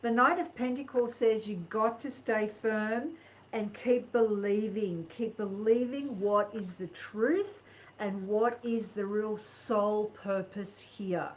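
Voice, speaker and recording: A woman's voice: medium pitch, takes it slowly, a little hiss or hum, low-quality recording. Earnest woman reading tarot. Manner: earnest, encouraging, animated. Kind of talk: tarot reading on a live stream.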